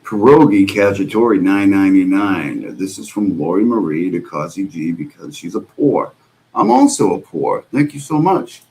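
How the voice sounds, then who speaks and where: Male streamer host, young adult, low voice that swings a lot, sarcastic and profane. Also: big pitch swings, moderate pace, vocal fry, mellow. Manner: exasperated, sarcastic, swears a lot. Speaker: streamer host reacting to clips. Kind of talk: profane reaction commentary.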